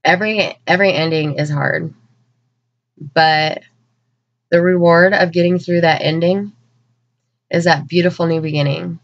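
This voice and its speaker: Woman tarot reader, emotional and unhurried, muffled home-video sound. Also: fairly low pitch, fairly even intonation. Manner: slow, earnest, emotional, with many pauses. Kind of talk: channeled spiritual message to viewers. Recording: dull lo-fi recording.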